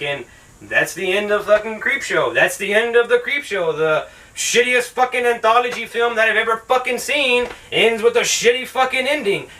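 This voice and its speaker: Sarcastic dude trashing a movie, cussing constantly, sharp bright tone. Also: male voice, high-pitched, distant mic, rough recording. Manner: sarcastic, heavy swearing. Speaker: film reviewer, channel host. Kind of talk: casual movie review rant.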